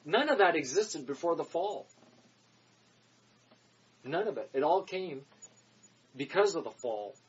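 Emphatic preacher man, husky and lo-fi. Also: on the high side, big pitch swings. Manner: emphatic, repeats phrases, swings from loud declarations to quick asides. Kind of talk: sermon.

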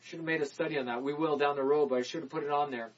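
A man preaching a sermon, emphatic, repeating phrases and swinging from loud declarations to quick muttered asides. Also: a little high, steady tone, dull audio.

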